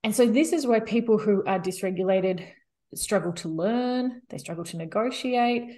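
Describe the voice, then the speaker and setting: A woman guest expert in an interview, explaining calmly and steadily with frequent "you know" fillers. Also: medium pitch, normal speed.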